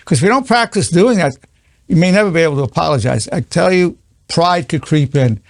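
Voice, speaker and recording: Gravelly older man teaching earnestly. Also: a little high, lively intonation, a little fast, dry recording, clean studio sound. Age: 80s. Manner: earnest, repetitive, stammering restarts. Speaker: psychologist teaching a lesson. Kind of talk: unscripted spoken lesson.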